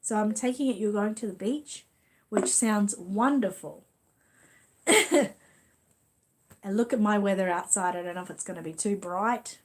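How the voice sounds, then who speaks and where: A middle-aged Australian woman hosts a casual livestream, chatting, reading viewer comments aloud, and laughing often. Her mid-range voice has a darkish tone and moves at normal speed.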